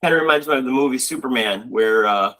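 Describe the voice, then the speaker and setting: Fast-talking and medium-pitched, a man from Buffalo, New York co-hosts a casual chat, telling animated, rambling stories with lots of fillers. The recording is rough.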